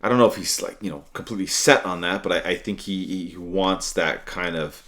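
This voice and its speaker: A man's voice: sits low, brisk, fairly bright tone. A man co-hosting a sports podcast, thinking aloud with many fillers and restarts and some dry sarcasm. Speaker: podcast co-host. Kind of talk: casual sports talk.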